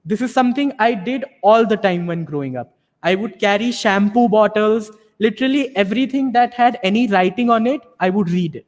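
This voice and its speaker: A man's voice: sits high, lively intonation, normal speed, big-room sound. A man giving an explanatory advice talk to students and parents, often checking in with rhetorical questions. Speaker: panel speaker on learning English.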